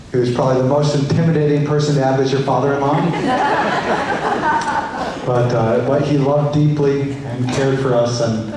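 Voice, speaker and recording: A man speaking as a pastor at a memorial service, gentle and halting, restarting his phrases often. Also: medium pitch, slight background noise. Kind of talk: memorial eulogy. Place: large church hall. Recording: echoey church hall, voice heard from far off.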